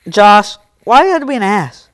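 A man's voice: sits high, very animated, normal speed, fairly bright tone, dry recording, clean studio sound. A young man live streaming, reading and answering his chat in casual talk, scolding some viewers and joking with others. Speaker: livestreamer.

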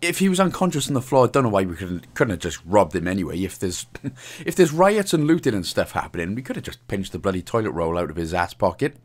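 Young Welsh man, game walkthrough host, casual cheeky commentary, lively up-and-down pitch. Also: quick pace. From Wales. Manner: chatty, cheeky, jokes and laughs often.

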